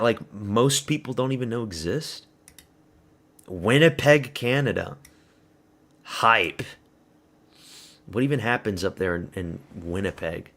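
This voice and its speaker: A man's voice: mid-range voice, a bit bright. A man streaming a fight watch party, chatting casually and answering viewers while calling the action, with plenty of swearing. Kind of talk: casual live fight commentary.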